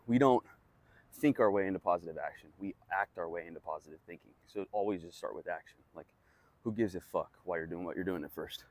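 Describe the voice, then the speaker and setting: A young vlogger with a deep voice talks quickly to camera with no room sound. Blunt and casual, he swears often and pads his self-help reflections on personal growth with plenty of fillers.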